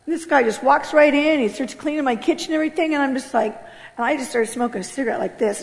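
A woman from California giving an emotional personal testimony, swinging between loud outbursts and hushed, low passages. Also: quick pace, vocal fry. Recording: long hall reverb.

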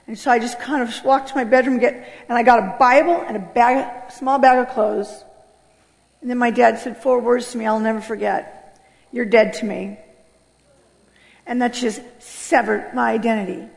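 Gravelly woman in a reverberant hall. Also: on the high side, steady tone, moderate pace. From United States. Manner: earnest storytelling with emotional swells. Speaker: speaker giving a testimony. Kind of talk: personal testimony.

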